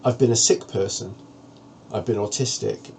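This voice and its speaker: A man's voice: on the low side, steady tone, moderate pace, creaky, a little mellow, slight background noise. A man vlogging, talking frankly and earnestly to the camera about a personal ordeal in a plain-spoken way. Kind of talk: candid personal monologue to camera.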